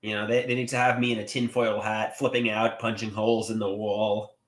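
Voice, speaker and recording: A man talks casually on a livestream, going through viewer comments and rambling with theatrical changes in pitch and volume. Within that, his pitch moves little, he speaks a touch quickly, and the audio is reverberant.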